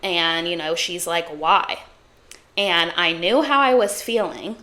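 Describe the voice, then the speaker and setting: A woman's voice: on the low side, slow, bright, forceful tone. A young woman in her twenties hosting a solo podcast, talking in a chatty, confiding way full of "like", reflecting on her own thoughts and feelings. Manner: chatty, heavy use of "like". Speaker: podcast host. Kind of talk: casual solo podcast talk.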